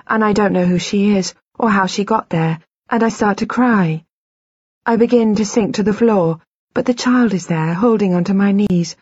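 A woman reading an audiobook in the first person, in a measured, quiet and introspective way. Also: medium pitch, husky, no room sound, muffled recording. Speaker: audiobook narrator. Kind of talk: scripted audiobook narration.

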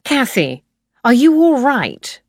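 A woman voicing a calm, apologetic young man in an audiobook, speaking softly and reassuringly. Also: high voice, slow, no echo, clean studio sound, pitched above the performer's own voice, heavily acted. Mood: concerned.

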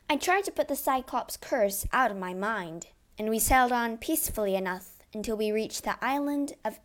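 A woman reads an adventure tale aloud in the first person, with an expressive, storybook delivery. Her pace is slow and deliberate, and her pitch sits in a moderate middle range. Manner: expressive, measured. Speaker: narrator.

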